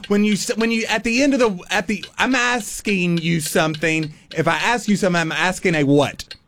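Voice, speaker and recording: A man co-hosts a radio word-guessing game in a voice pitched somewhat high for a man. He halts, restarts and fumbles for words, filling gaps with ums as he tries to lead his partner to the answer. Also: a bit bright. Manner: halting, searching for words. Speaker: radio show co-host. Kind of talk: radio game segment, giving clues.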